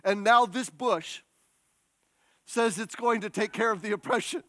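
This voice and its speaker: A man preaching a sermon in a lively, humorous storytelling way with quick restarts. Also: high-pitched, no echo.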